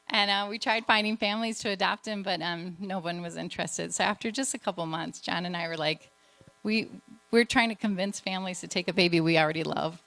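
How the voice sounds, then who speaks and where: A woman's voice: mid-range voice, fairly even intonation, brisk, a bit bright, no room sound. A woman missionary giving an earnest, emotional testimony to a church. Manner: earnest storytelling, emotional at times.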